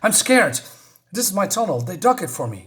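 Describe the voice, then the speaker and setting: A man voicing a terrified young woman from a horror story, speaking in a high, frantic, pleading voice. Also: animated, moderate pace, lightly acted. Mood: frightened.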